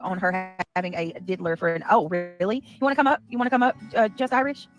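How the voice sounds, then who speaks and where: A woman's voice: fairly low pitch, lively intonation, fast talker, faint music behind. A woman on a livestream, ranting angrily and profanely at her critics. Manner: profane, heated, rambling. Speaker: livestreamer in a played clip. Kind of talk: angry livestream rant.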